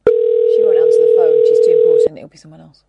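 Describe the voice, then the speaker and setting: A woman's voice: sits low, monotone, fast, mellow, husky, dry recording. A woman co-hosting a talk radio show in the studio, chatting casually and making dry, wry remarks. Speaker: radio co-host and producer.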